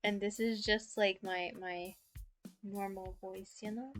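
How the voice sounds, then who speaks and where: Speaking slowly in a mid-range, fairly even voice with a slightly bright edge, this young streamer keeps things casual. She giggles a lot, laughing between sentences, with her mouth very near the mic and faint music behind her.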